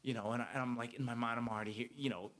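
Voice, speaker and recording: A man's voice: mid-range voice, fairly even intonation, very fast, a bit bright. A man telling a restaurant story in casual chat, rambling with restarts and laughing at himself. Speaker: server sharing work stories.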